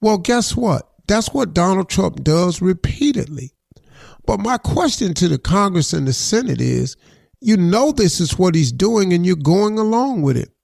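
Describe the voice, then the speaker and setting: A man's voice: sits high, big pitch swings, unhurried, gravelly, darkish tone, no echo, studio quality. A middle-aged man, a radio host on an impassioned rant, preachy and heated, often repeating himself and saying "man".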